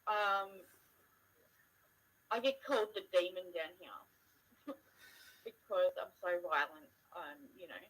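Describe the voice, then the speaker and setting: A young woman with a husky, forceful voice, chatting casually. She tells her stories bluntly, swears without a second thought and laughs at herself along the way. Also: lowish voice, lively intonation, takes it slowly, pauses often, rough recording. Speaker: daughter telling stories to her mother. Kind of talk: casual storytelling chat.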